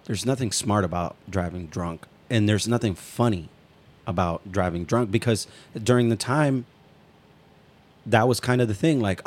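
With a lowish voice at normal speed, this man co-hosts a casual storytelling podcast. He rambles through long personal anecdotes, acting out the quotes and swearing freely.

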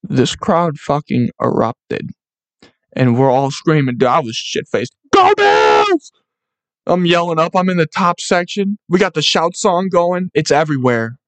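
A man's voice: on the high side, unhurried, dry recording. Young new guy hyping up fans on his podcast, swears a lot, super fired up, dry close sound. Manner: fired-up, profane, rallying. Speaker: podcast host. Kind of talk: solo sports podcast pep talk.

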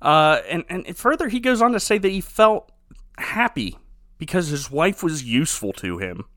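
Man, podcast host, casual chat, incredulous, lively pitch, dry sound. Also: moderate pace, no echo. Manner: animated, incredulous, laughs often.

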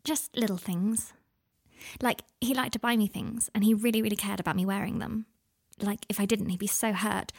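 A woman reading aloud, voicing a troubled young woman who speaks softly and haltingly, near a whisper. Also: mid-range voice, steady tone, vocal fry, breathy edge. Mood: hushed.

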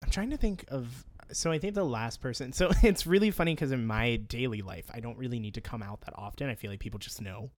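A man's voice: medium pitch, brisk, hardly any pauses, no room sound. A young man co-hosting a podcast, chatting casually and telling funny stories, speaking in a raised head voice and laughing often. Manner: animated storyteller, laughs often. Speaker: podcast co-host. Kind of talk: casual chat.

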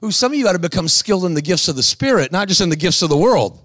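High-voiced preacher man, animated and dry. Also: rapid-fire, dry recording. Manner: animated storytelling, acts out quoted voices; exhorting, calls out to the crowd. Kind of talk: sermon.

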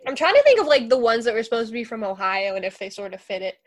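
A woman with a fairly high voice talks in a relaxed podcast chat. She hedges her way through sentences with many fillers and pauses, searching for words. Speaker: podcast co-host.

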